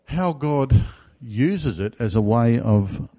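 A man's voice: medium pitch, animated, slow, warm tone. Guy preaching a sermon, chatty, throws questions at the room, mid voice. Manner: conversational, asks the congregation questions. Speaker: pastor.

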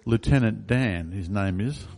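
A man's voice: on the low side, unhurried, creaky, a little mellow. A man preaching a sermon in a conversational way, asking the congregation questions. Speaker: pastor.

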